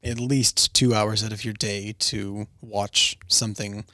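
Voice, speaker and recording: A man's voice: lowish voice, level tone, a little slow, sharp tone, no room sound, clean studio sound. A man co-hosting a podcast in casual chat, thoughtful and rambling, often laughing. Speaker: podcast co-host.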